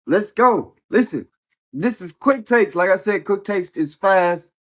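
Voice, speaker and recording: A man's voice: high-pitched, expressive, measured pace, fairly bright tone. A man hosting a casual football commentary show, blunt and opinionated, slangy and profane, tossing in "bro" and "man" often, while a little sick. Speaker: host of a football commentary channel.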